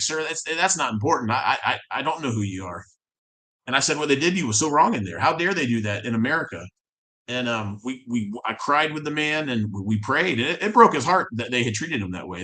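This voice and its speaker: A man's voice: medium pitch, bright, forceful tone. A man, a military veteran, telling his story as a guest in a casual interview, impassioned and tumbling over restarts. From Florida.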